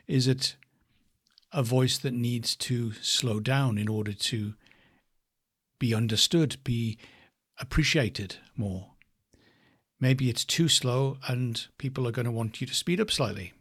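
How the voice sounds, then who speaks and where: A man teaching a voice lesson, speaking slowly and thoughtfully and demonstrating different word stress. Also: mid-range voice, husky. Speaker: voice coach. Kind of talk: reflective spoken lesson.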